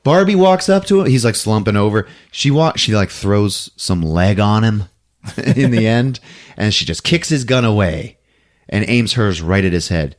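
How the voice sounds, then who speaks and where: A man hosting a podcast, casually recapping a movie plot in an animated storytelling way, laughing often. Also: on the low side, moderate pace. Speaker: podcast host.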